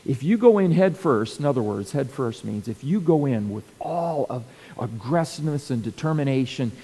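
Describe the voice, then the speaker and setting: A middle-aged man speaks to a room, teaching through stories and acting out what people said. His voice is mellow and warm. The sound rings with a long reverb from a large hall. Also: mid-range voice, normal speed, slightly rough. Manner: animated storyteller, acts out quotes and sound effects. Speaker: speaker coaching church leaders.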